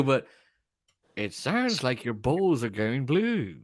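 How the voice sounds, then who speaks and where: A man co-hosting a relaxed political talk show, always joking and mocking how others sound. His voice sits a bit high and swings widely in pitch. It is recorded close and dry. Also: extremely slow, long pauses, no echo. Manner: jokey, laughs often, mocks voices. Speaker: co-host. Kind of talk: casual political chat.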